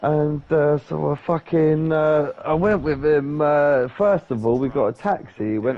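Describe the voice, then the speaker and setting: A man, telling a sweary, animated story in casual chat. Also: on the high side, a little slow, few pauses. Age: 30s. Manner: sweary, animated, acts out voices. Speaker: podcast co-host. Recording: dull lo-fi sound with faint noise.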